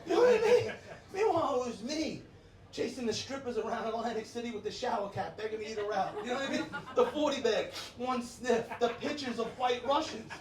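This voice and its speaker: A man's voice: very high voice, a little fast, a crowd in the background. A man, doing a brash, crude stand-up set on a club stage and laughing at his own jokes. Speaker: stand-up comedian. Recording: echoey club sound from a distance.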